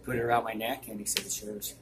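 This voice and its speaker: A man's voice: mid-range voice, little pitch movement, rapid-fire. Older man telling rambling stories. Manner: rambling, full of "uh" and "I mean". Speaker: restaurant owner. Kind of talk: anecdotal storytelling to an interviewer. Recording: noisy room ambience.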